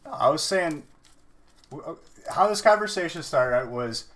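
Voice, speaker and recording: A man's voice: on the high side, animated, a little slow, fairly bright tone. A man hosting a card-break livestream, rambling in casual chat and saying "dude" a lot.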